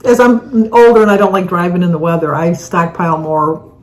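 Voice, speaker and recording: A woman's voice: on the low side, a little fast, slight background noise, low-quality recording. Older woman, rambling chatty storyteller. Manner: rambling storyteller, laughs through stories. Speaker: co-host. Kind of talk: casual chat answering viewer questions.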